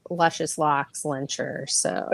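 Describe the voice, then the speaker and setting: A woman's voice: deep voice, fairly even intonation, slow, creaky, no echo, studio quality. A woman co-hosting a casual podcast, playful and teasing. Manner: playful, teasing, laughs often. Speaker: podcast co-host. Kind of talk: casual chat.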